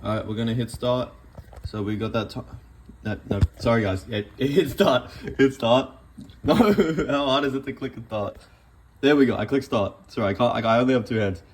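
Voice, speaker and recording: A man's voice: mid-range voice, fairly quick, slight background noise. Joking man cooking at home. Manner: joking, rambling, self-deprecating. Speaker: cooking vlogger. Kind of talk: casual cooking demonstration. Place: home kitchen.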